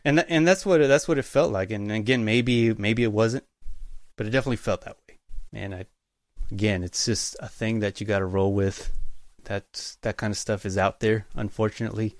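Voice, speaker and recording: A man speaking as a guest in a casual interview, telling work stories in a relaxed, easygoing way. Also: on the low side, brisk, no room sound. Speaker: guest, utility locator.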